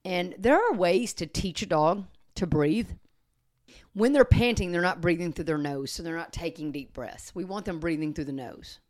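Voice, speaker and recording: A woman co-hosting a podcast on dog training, explaining in an earnest, steady way and sometimes slowing and softening her voice. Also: fairly low pitch. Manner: earnest, explanatory, slows and softens to demonstrate calm talk. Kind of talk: casual podcast chat.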